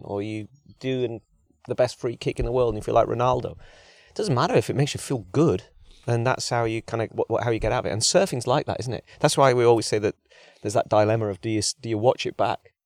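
A man's voice: mid-range voice, fairly quick, darkish tone, no echo, clean studio sound. A man co-hosting a podcast in casual chat, jokey, with hesitant restarts. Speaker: podcast co-host.

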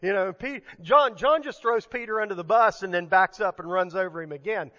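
Male pastor, sermon, conversational and emphatic, sharp tone, dull lo-fi sound. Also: sits high, a little fast, in a large hall. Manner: conversational, emphatic, frequent restarts.

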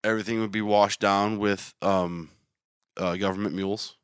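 Deep-voiced deadpan man, dry sound. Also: moderate pace, smooth, no echo. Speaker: podcast co-host. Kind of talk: casual chat.

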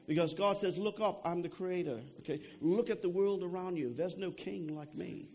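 Conversational preacher with a higher voice. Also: male voice, normal speed, darkish tone. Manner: conversational preaching, frequent "okay?" and repeated words. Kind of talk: sermon.

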